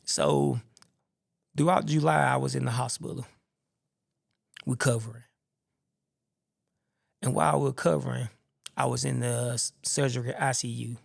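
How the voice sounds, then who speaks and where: A man hosting a podcast, telling his own faith testimony in an animated way and acting out the people he quotes. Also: medium pitch, normal speed, vocal fry, long pauses.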